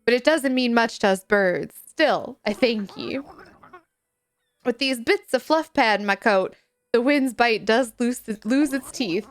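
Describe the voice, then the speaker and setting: A woman voicing a gruff, wistful old ghost pirate parrot in a video game, speaking in a halting, makeshift pirate lilt. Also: a little high, lightly acted.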